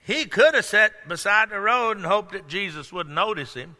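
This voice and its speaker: A male pastor preaching a sermon to a congregation, calling out questions and breaking into sudden shouts. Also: sits high, lively intonation, normal speed. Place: church hall. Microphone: microphone. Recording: echoey hall.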